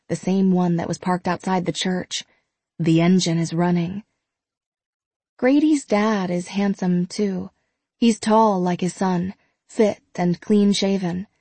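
A woman narrating an audiobook in an even, measured way, with a mid-range voice. The sound is close and dry with no room around it. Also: mid-range voice, dry recording.

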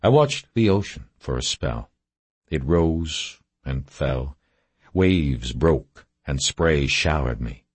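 Very deep husky male narrator. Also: lively intonation, dry recording. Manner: terse, measured, low-key delivery. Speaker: audiobook narrator. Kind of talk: scripted first-person narration.

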